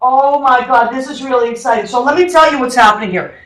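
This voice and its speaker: A woman hosting a radio talk show, telling stories in a chatty, excitable way full of exclamations. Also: high-pitched, fast, roomy sound, poor audio. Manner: chatty storyteller with lively exclamations. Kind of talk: casual chat. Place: radio studio.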